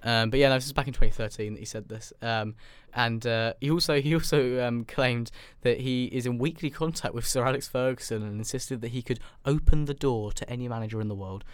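A man's voice: mid-range voice, brisk, few pauses, clean tone, no room sound. A young man co-hosting a casual football podcast in a studio, rambling and sarcastic with lots of ums. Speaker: podcast co-host.

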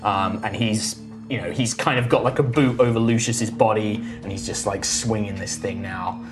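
A man runs a tabletop battle as game master, talking through the action in a loose, unhurried way full of "like" and "um." Music plays clearly beneath him. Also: on the low side. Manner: relaxed, filler-heavy storytelling.

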